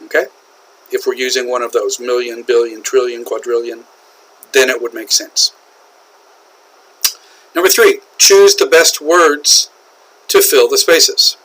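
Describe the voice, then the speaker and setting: A man with an American accent teaching English usage, explaining slowly and repeating key phrases, often checking in with "okay?". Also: medium pitch, a bit bright, rough recording. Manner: slow, repetitive explaining with frequent "okay?" checks. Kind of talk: classroom lecture on English usage.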